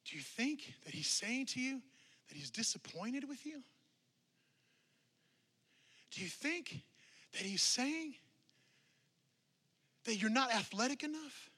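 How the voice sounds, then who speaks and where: A man preaching in a church, his voice pitched high and ringing very bright and forceful. He presses his listeners with one rhetorical question after another, building intensity as he goes. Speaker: pastor. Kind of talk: sermon.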